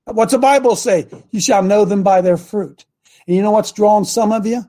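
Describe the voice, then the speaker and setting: A man's voice: sits high, moderate pace, warm tone. A man preaching informally to a congregation, blunt and combative, mocking his critics and throwing asides to the room.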